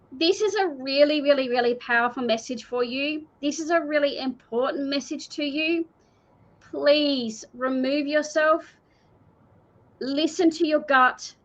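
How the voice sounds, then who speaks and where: A woman from Australia does a live intuitive card reading, her voice sitting high with a fairly bright tone. She pleads earnestly and repeats herself, heard through dull lo-fi stream audio.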